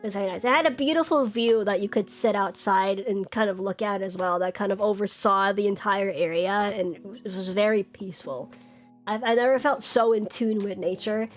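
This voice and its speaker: A woman's voice: mid-range voice, moderate pace, faint music behind. A young woman streaming, chatting casually and bubbly, jumping up into squeals when she greets her chat.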